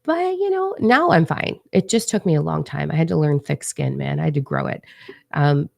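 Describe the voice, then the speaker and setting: A woman telling a personal story in a casual, animated way, with lots of filler words. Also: sits low, moderate pace, vocal fry, dry recording. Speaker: spiritual channel host.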